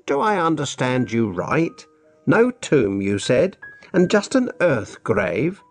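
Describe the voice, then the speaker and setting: A man's voice: medium pitch, very animated, slow, faint music behind, voice pushed up, exaggerated voice. A man voicing a deferential church clerk who speaks hesitantly and politely. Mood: puzzled.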